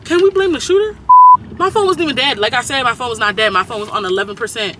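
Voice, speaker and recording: A young woman in her late teens, vlogging while she drives, rambling and cursing through an animated story time. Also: fairly high pitch, fast talker. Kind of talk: casual story-time chat while driving. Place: inside a car on the road. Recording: car with loud road noise.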